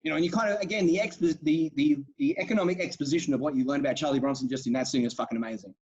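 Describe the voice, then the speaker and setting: Rapid husky guy on a podcast, cursing every other word, gushing about a movie, muffled lo-fi sound. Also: on the high side, a little mellow. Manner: profane, rambling, enthusiastic retelling of scenes. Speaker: podcast co-host. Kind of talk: casual film chat. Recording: dull lo-fi sound.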